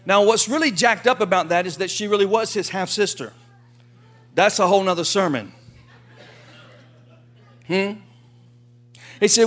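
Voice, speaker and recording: High-voiced lively preaching man. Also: normal speed. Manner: lively, folksy preaching with acted quotes. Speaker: pastor. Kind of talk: sermon.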